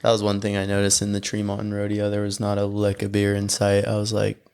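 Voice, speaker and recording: A man with a low voice co-hosts a podcast. He chats in a laid-back, easygoing way, trading stories with his friends. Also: completely flat delivery, fairly quick, darkish tone, smooth. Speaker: podcast co-host. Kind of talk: casual chat.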